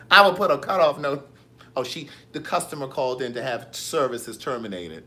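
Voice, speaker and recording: Man, live-stream host, sassy, animated, bright tense voice. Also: medium pitch, moderate pace. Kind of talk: casual live-stream chat reading comments.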